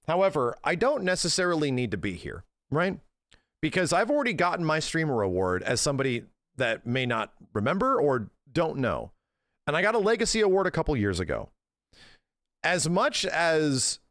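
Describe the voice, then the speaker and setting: Man, 30s, streamer, lively swinging pitch, dry close sound, profane rant. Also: no echo. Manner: animated, profane ranting. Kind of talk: casual livestream commentary.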